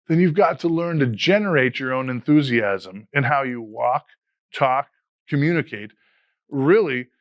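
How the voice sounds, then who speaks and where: A man in his fifties with a mid-range, somewhat bright voice, recorded dry, is an educator and podcast host. He gives fellow teachers a scripted motivational talk, delivered in an earnest, measured way.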